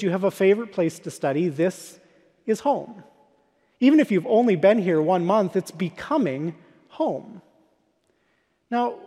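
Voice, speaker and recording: High-voiced man preaching in a hall. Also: mellow. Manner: storytelling, conversational preaching. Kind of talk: sermon. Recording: long hall reverb.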